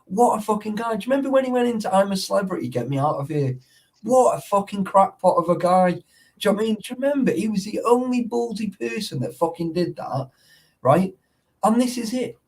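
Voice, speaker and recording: A man's voice: sits high, very animated, brisk, a little mellow, far from the mic. A man in casual chat, rambling and swearing, forever checking that the listener follows. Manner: sweary, rambling, keeps asking "you know what I mean".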